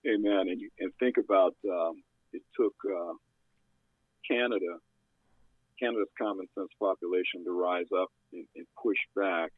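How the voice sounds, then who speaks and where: Deep-voiced male co-host, husky, short agreeing remarks, heard through a tinny phone line. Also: normal speed, no room sound. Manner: brief agreeing interjections.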